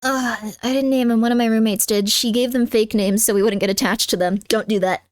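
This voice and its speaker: A woman streamer chatting casually at home, talking fast with lots of "like" and letting out sudden loud yelps at her cat. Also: fairly high pitch, fairly even intonation, dry recording, clean studio sound. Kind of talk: casual live-stream chat. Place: home room with cats.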